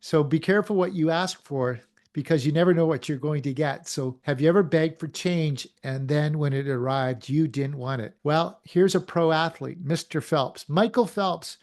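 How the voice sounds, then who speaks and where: A middle-aged man hosting a motivational podcast, energetic and firing many questions at the listener. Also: fairly high pitch, moderate pace. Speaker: podcast host. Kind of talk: motivational talk.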